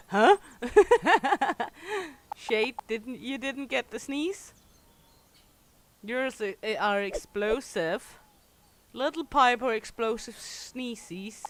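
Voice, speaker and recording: Extremely slow and expressive, with a fairly high pitch, a young adult woman who natively speaks Danish chats on her game livestream. She keeps things playful and bawdy, swearing freely and often laughing.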